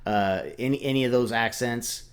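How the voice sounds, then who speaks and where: A middle-aged man chats casually as a reaction co-host. He muses out loud, often restarting his sentences as he works out what he thinks. His pitch sits in an ordinary middle range for a man. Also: clean tone. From United States. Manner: musing, thinks aloud with halting restarts. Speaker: reaction video co-host, father.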